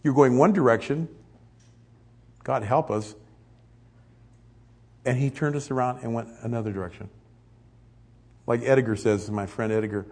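A middle-aged man preaches with a husky, slightly breathy voice. His sermon is conversational and animated. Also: mid-range voice, normal speed, long pauses. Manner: conversational, animated, acts out quotes. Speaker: pastor.

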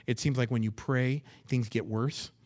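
A man delivering a sermon from the pulpit of a church. His voice sits at an ordinary middle pitch, and his delivery swings hard, climbing loud and high on emphatic words, then dropping low and hushed to drive a point home. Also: fairly even intonation, moderate pace. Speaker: pastor. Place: church sanctuary.

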